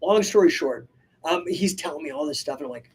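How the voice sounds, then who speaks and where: A man's voice: a little high, lively intonation, brisk, slightly rough. A man hosting a live podcast, telling stories energetically with many asides and casual swearing. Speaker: podcast host and coach. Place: live stream.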